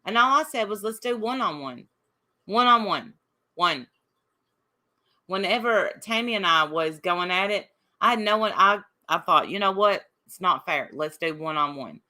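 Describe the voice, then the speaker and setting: A woman's voice: mid-range voice, animated, normal speed, sharp tone. A woman from Appalachia, hosting a casual livestream and sparring with commenters in her chat. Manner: combative, reading and answering chat comments. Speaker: livestream host.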